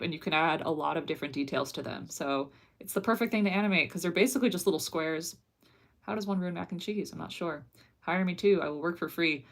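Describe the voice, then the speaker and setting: A woman's voice: lowish voice, fairly bright tone. A woman animator streaming live, casually and bubbly reading her chat's messages aloud and answering them with frequent giggles. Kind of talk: casual livestream chat.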